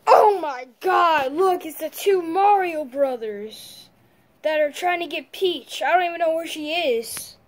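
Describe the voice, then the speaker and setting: A woman's voice: extremely high pitch, animated, unhurried, a little hiss or hum. A woman doing a gloating turtle king villain. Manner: gloating, bossy. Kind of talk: toy play narration with voices.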